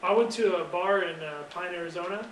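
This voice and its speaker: Male co-commentator, high voice, hesitant with fillers; distant mic in a roomy space. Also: brisk, fairly bright tone. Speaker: game co-commentator. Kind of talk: casual let's-play commentary. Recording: echoey room, mic at a distance, faint noise.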